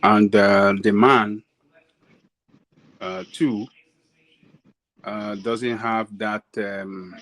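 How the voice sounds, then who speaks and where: A man with a Nigerian accent giving casual commentary as a guest, halting with many fillers. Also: on the low side, steady tone, fairly bright tone, slight background noise, rough recording.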